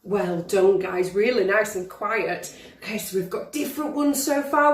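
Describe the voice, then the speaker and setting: A woman's voice: mid-range voice, moderate pace, recorded from a distance. A young woman teaching a drama lesson to pupils on video, encouraging them and demonstrating different voices. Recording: roomy, from the mic.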